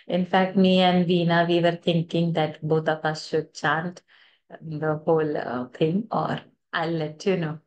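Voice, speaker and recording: Over a video call, a woman teaches a scripture chanting class, chatting casually, laughing often and trailing off mid-sentence. Her voice is low-pitched and level, and she takes it slowly. The sound is lo-fi.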